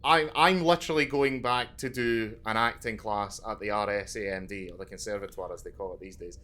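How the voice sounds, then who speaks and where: A man's voice: on the low side, fairly even intonation, fairly quick, bright, forceful tone. A man co-hosting a podcast, chatting eagerly with lots of stammered restarts. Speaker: podcast co-host. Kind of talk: casual chat.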